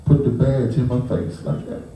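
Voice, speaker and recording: Speaking at a normal pace in a mid-range voice, a man whose nephew or niece was a victim recounts an emotional story, acting out the scene with animation. He stumbles, restarts and repeats himself. There's a little hiss or hum, and the audio is very echoey, as if the mic were far from him.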